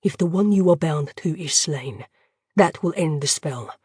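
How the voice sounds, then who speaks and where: A woman voicing a wounded young male captain who speaks in a halting, trembling way. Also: deep voice, lively intonation, darkish tone, husky, no echo, clean studio sound, full character voice. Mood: grave. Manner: halting, trembling, stammering delivery.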